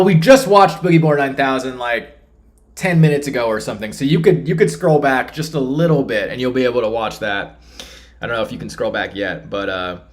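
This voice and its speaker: A man from Texas rambling casually as he hosts a live stream and reads the chat. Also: mid-range voice. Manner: rambling and chatty, with restarts.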